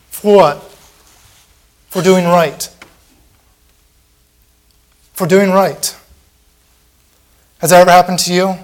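A man's voice: high-pitched, fairly even intonation, slow pace, pauses often. A man preaching a sermon in a church, impassioned and repetitive, acting out the mocking voices of a crowd.

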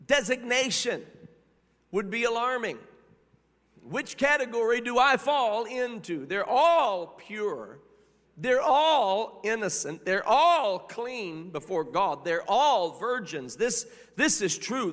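Male preacher, high-pitched, slow and deliberate, sermon in a big echoing hall. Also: a bit bright. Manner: preaching cadence with repetitions and exclamations of hallelujah. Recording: long reverb of a large hall.

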